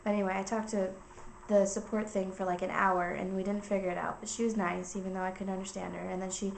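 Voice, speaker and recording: A woman's voice: mid-range voice, level tone, fast talker, gravelly, slight background noise. A young woman vlogging from home, telling a long story in a rambling, filler-heavy way. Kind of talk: casual chat. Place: indoors at home. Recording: roomy echo.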